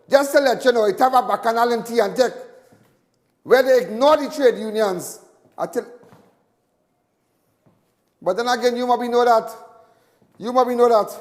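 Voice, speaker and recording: A man with a Trinidadian accent hosting a live talk show, giving rambling, animated commentary and repeating himself often. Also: very high voice, normal speed, pauses often, big-room sound. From Trinidad and Tobago. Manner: animated, repetitive, laughs often.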